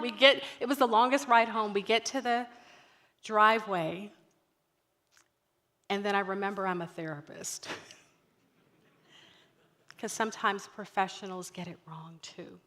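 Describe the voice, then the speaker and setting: A woman in her thirties telling a personal story to an audience in an animated way, acting out the dialogue and talking straight to the listeners. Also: mid-range voice, moderate pace. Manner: animated, acts out dialogue, addresses the audience directly. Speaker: guest speaker at a youth ministry night.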